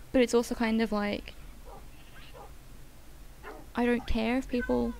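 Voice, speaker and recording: Gravelly, blunt young woman chatting. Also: fairly high pitch, a little mellow, a little hiss or hum, low-quality recording. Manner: chatty and rambling, frequent "like" and "um"; blunt and opinionated. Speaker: gaming channel co-host. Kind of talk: casual chat while gaming.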